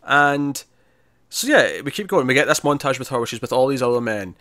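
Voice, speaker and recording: A man's voice: medium pitch, fairly quick, no room sound. Chatty male TV reviewer, dry sound. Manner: animated recapping, acts out characters' lines; frequent restarts and repeated words. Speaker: podcast co-host reviewing TV. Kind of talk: casual review discussion.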